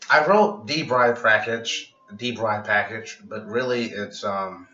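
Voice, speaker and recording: A man talks through a wrestling show in a loose, rambling vlog, dry-humored and swearing freely. His voice is bright, but he sits back from the mic in a roomy, echoing space, so the sound comes out dull. Soft music plays underneath. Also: on the low side. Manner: rambling, profane, wry. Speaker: vlogger reviewing wrestling. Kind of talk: casual review vlog. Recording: echoey, dull, distant with music.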